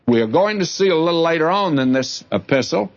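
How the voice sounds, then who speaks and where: A man teaches scripture in an earnest, direct voice that sits a little higher than most. He reads each verse aloud and then explains it. The sound is dull and lo-fi, like an old broadcast tape. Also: expressive, fairly quick. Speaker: Bible teacher. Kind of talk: radio Bible teaching.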